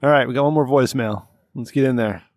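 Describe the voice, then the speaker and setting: A man's voice: mid-range voice, quick pace, dry recording, studio quality. A man hosting a casual comedic podcast who jokes and laughs often. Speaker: podcast host.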